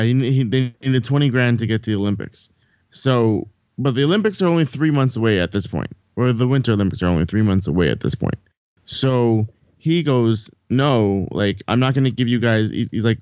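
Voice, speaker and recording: A man's voice: medium pitch, normal speed, darkish tone, clean tone, no echo, highs cut off. A man recapping a movie in a casual podcast chat, rambling and swearing freely while acting out the characters' lines.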